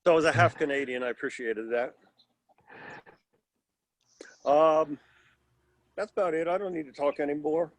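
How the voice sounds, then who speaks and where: A man's voice: fairly high pitch, moderate pace, pauses often, dry recording. A man in his sixties telling a rambling, wry story over a video call at a class reunion. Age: 60s. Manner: rambling, wry, self-deprecating humor. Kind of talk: casual anecdote on video call.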